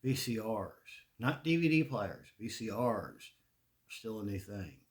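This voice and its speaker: Southern guy in his 40s rambling on, cussing a lot, pitch bouncing all over. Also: very animated, measured pace. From Charlotte, North Carolina. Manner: profane, rambling, frequent restarts and laughter. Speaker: podcast host. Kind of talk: casual rambling monologue.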